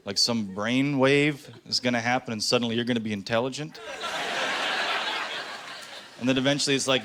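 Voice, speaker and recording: A man doing a stand-up comedy set on stage, sarcastic with deadpan asides. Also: mid-range voice, normal speed. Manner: sarcastic, deadpan asides between acted quotes. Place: comedy stage before a live audience. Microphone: handheld stage mic. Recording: stage mic with audience noise. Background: audience laughter.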